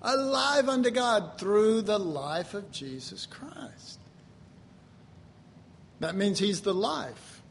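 Animated high-voiced male preacher. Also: slow pace, vocal fry, long pauses, a little hiss or hum. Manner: animated, laughing, bursts into loud shouts. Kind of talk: sermon.

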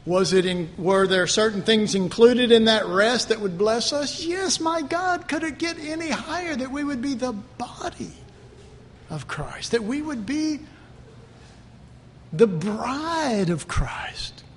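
High-pitched man preaching a fervent sermon. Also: expressive, slow, big-room sound, a little hiss or hum. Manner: fervent, swings from loud shouting to low asides.

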